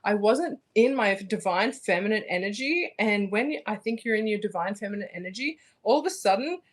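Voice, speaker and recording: A young Australian woman talking casually as an interview guest, animated and rambling with lots of fillers and restarts. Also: medium pitch, a little fast. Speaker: guest, bare-knuckle fighter.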